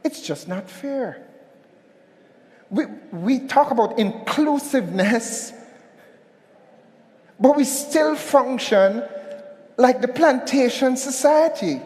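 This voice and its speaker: A man's voice: very high voice, expressive, slow, long pauses, a little mellow. A man giving a motivational conference talk, telling a story and calling on the audience to respond, recorded in an echoey hall. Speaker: keynote speaker.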